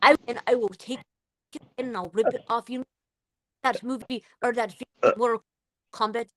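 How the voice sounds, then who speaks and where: A woman's voice: fairly high pitch, steady tone, moderate pace, lightly acted, poor audio. A woman putting on a menacing Russian tough. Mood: threatening. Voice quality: loud and aggressive, swearing.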